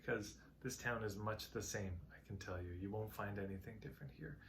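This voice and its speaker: A man voicing a wry, welcoming old man at the edge of a town in a spoken parable, with a gravelly voice. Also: lowish voice, fairly quick, a bit bright, a little hiss or hum. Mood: friendly.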